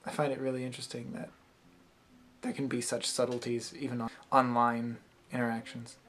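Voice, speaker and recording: A man's voice: mid-range voice, level tone, fairly quick, a bit bright, a little hiss or hum. A young man talking through his thoughts in a casual, rambling vlog monologue, recorded on a camera mic.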